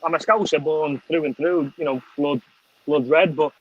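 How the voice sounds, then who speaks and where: A middle-aged man with a softened Liverpool accent chatting on a live stream, sweary and chummy, calling everyone mate. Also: a little high, moderate pace, lo-fi sound. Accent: Liverpool, softened by Scottish. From England, Liverpool. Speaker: motorcycle vlogger hosting a live stream. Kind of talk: casual live-stream chat.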